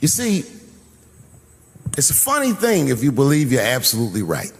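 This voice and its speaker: Middle-aged comic guy telling a story, cusses a lot, pitch all over the place, big hall echo. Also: moderate pace, slightly rough. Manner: profane, animated storytelling. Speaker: stand-up comedian. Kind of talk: stand-up storytelling. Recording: live venue with long reverb.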